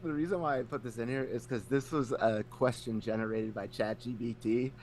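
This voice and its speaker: A man's voice: mid-range voice, fairly even intonation, brisk, a little mellow, a little hiss or hum. A male podcast co-host, laid-back, telling stories and swearing freely. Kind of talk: casual chat.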